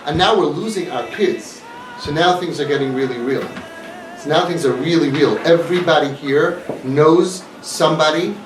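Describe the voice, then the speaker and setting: A man's voice: fairly high pitch, a little hiss or hum. Impassioned man preaching in an echoey hall. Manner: impassioned, preacherly, laces speech with Yiddish and Hebrew words. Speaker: speaker of a community organization. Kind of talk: motivational talk to an audience. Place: hall with a live audience. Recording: echoey room, mic from a distance.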